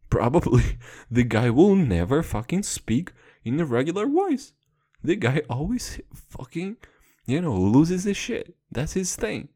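Man, twenties, hoarse, slow unhurried delivery, swooping lively pitch, profane rambling mock-dramatic rant. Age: 20s. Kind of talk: casual comic rant.

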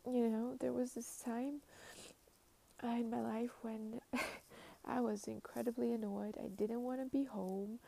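A young woman from Ukraine, vlogging outdoors at a snowy train station in a halting, reflective way with many fillers. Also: on the high side, fairly even intonation, creaky, dark tone, poor audio. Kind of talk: casual personal vlog.

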